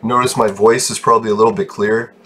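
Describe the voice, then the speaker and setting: A man's voice: lowish voice, flat delivery, quick pace, fairly bright tone, a little hiss or hum. A young man giving profane, frustrated commentary over his gameplay, breaking into laughs. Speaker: game video creator.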